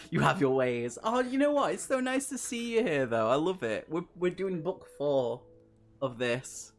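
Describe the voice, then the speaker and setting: Animated man chatting on a stream. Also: fairly high pitch, unhurried, soft background music. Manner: chatty, laughs often, greets viewers. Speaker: gamebook streamer. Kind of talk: live-stream reading and chat.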